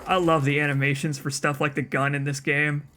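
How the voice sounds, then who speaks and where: A man chatting over a game he is playing, with quick, wry asides and stammered restarts. His voice is a touch high for a man. Faint background noise sits behind him. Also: little pitch movement, sharp tone. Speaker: let's play host. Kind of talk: casual gameplay commentary.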